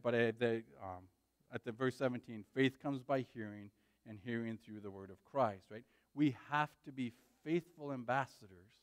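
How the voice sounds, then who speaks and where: A man's voice: medium pitch, no room sound, studio quality. Urgent pastor, a man preaching. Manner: urgent, pleading, repeats "right?". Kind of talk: sermon.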